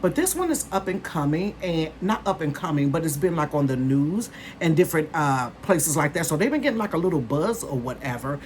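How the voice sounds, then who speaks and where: A woman in her fifties chatting casually to her viewers as a vlogger, calling them "honey" and "you guys" and bursting into excitement. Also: low voice, brisk, a little hiss or hum. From northern United States. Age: 50s.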